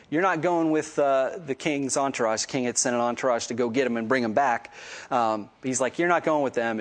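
Chatty man retelling Bible stories. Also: on the high side. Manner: conversational, lots of fillers, animated storytelling. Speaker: Bible study teacher. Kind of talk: casual Bible lesson.

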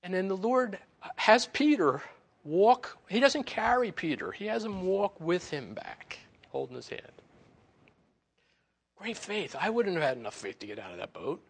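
Male preacher, storytelling sermon delivery, gravelly, slightly high pitch. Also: very animated, moderate pace. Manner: storytelling, acts out quotes, laughs often. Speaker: pastor.

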